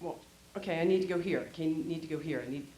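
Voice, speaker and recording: A woman's voice: deep voice, fast, mellow, a little hiss or hum. A woman attending a workshop, talking in a rambling, hesitant way with many fillers. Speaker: workshop participant. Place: seminar room. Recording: echoey room.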